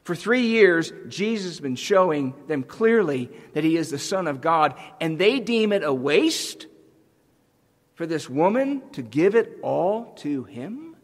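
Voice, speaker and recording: A pastor preaching a sermon in an earnest, emphatic way. His voice sits on the high side for a man, and his words ring out with a long reverb through the sanctuary. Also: sing-song, measured pace. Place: church sanctuary.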